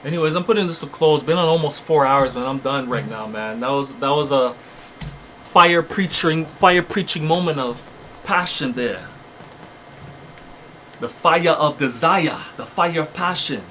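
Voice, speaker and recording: A man's voice: on the high side, measured pace, fairly bright tone, a little hiss or hum. A man hosting his channel, delivering fiery, repetitive spiritual motivational preaching. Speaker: channel host.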